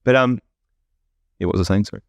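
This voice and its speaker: Low-voiced rambling man. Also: quick pace, creaky, no echo. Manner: rambling, swears freely. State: high on edibles. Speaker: podcast host. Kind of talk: casual stoner chat.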